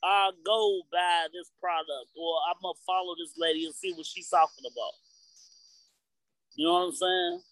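A man's voice: sits high, steady tone, normal speed, fairly bright tone, no echo, rough recording. A man co-hosting a casual podcast chat, talking emphatically in slang. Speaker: podcast co-host.

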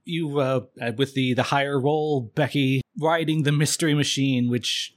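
A man's voice: medium pitch, fairly even intonation, moderate pace, no echo, clean studio sound. A man narrating as game master, playful and descriptive.

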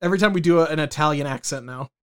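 A man with a slightly high voice co-hosts a casual podcast. He talks loosely and swears casually. He also reads news items aloud between jokes. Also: very fast. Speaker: podcast co-host.

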